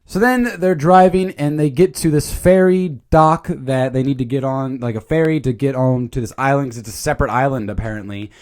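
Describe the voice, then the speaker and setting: A man's voice: medium pitch, a little fast, hardly any pauses. A man reviewing a movie in a casual, jokey commentary. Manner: animated, jokey, slips into silly voices.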